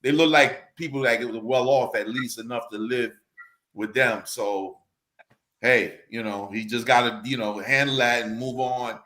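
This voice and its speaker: Guest voice: relaxed, resigned man at mid pitch, light background hiss. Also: measured pace, poor audio. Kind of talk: casual discussion.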